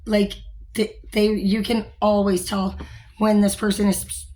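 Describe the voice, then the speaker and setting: A woman's voice: mid-range voice, level tone, unhurried, darkish tone. A young woman, a store manager, talking frankly and rambling in a casual vlog, with many fillers and some swearing.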